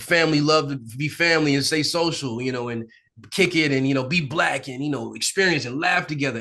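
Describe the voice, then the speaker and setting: A male actor as an interview guest, telling candid stories in a relaxed, animated way, often laughing and acting out the people he quotes. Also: medium pitch. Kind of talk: candid conversational storytelling. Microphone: sit-down interview mic.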